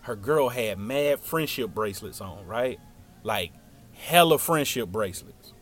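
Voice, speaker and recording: A man's voice: medium pitch, a little slow, soft background music. A young man telling a funny personal story in casual slang, acting out every line of dialogue. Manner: animated, slangy, acts out dialogue.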